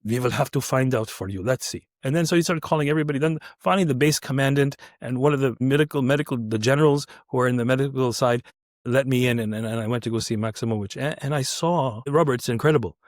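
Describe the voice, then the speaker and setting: A man's voice: medium pitch, fast talker, no room sound, clean studio sound. A man, a surgeon, telling a story casually and acting out the dialogue with quoted voices, often restarting his sentences. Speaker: neurointerventional surgeon, podcast guest.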